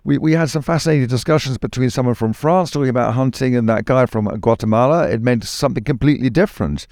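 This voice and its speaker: A British man, a guest in a conversational interview, speaks fast in an everyday mid-range voice with a slightly mellow quality. Thoughtful and hesitant, he weighs his words and keeps circling back with restarts and fillers, recorded close and dry without room sound.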